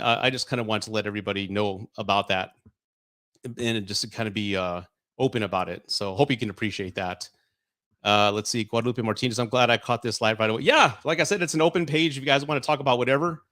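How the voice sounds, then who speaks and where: A man's voice: mid-range voice, fast talker, fairly bright tone. A middle-aged man hosting a live stream, chatting openly and heartfelt, rambling with many restarts. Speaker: YouTube host answering live chat. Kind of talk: casual live-stream chat.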